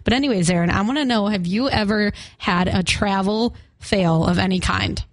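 A woman's voice: mid-range voice, moderate pace, no room sound. Chatty woman co-hosting morning radio. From Arizona. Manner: chatty, laughs often, country music fan. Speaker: radio show co-host.

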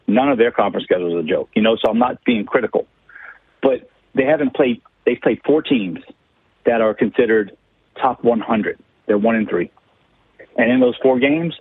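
Man, south Louisiana Cajun accent, folksy and joking, husky, phone-line audio. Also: mid-range voice, no room sound. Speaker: guest, baseball commentator. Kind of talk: casual chat on a call-in.

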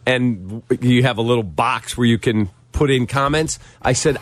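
A man's voice: mid-range voice, moderate pace, hardly any pauses, faint music behind. A man hosting sports radio, telling a customer-service story with wry exasperation and quoting the people in it. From Chicago. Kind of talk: casual radio banter and storytelling.

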